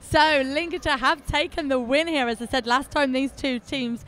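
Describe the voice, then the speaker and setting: A woman's voice: sits high, fairly even intonation, normal speed, a bit bright. A woman commenting live on a roller derby game, chatty, giggly and self-mocking. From England.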